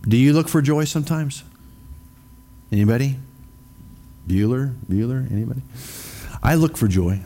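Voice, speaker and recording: A man's voice: medium pitch, expressive, moderate pace, pauses often, mellow. A man preaching a sermon in a casual, conversational way, often putting questions to the congregation. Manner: many fillers and restarts. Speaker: pastor.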